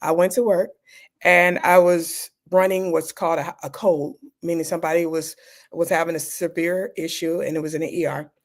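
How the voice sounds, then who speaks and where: Middle-aged woman, lowish voice, doctor guest recounting her experiences, animated, mimics others. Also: moderate pace. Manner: candid, animated, acts out quoted people. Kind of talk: personal storytelling in an interview.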